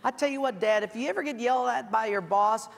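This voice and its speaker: A man preaching a sermon as a pastor, telling stories with lively acted-out voices and sudden shouts. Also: extremely high pitch, fast, creaky, in a large hall. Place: church.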